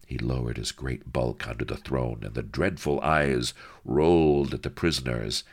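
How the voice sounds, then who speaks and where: A man's voice: rumbling low, steady tone, normal speed, breathy edge. A man narrating a comic audiobook with wry, theatrical asides to the listener.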